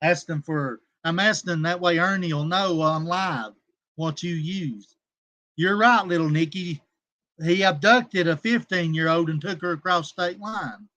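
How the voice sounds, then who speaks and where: A man hosts a casual livestream, his voice sitting high for a man. He rambles, turns combative and coarse, and breaks off to greet viewers in his chat by name. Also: a little slow, pushed and bright. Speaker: livestream host.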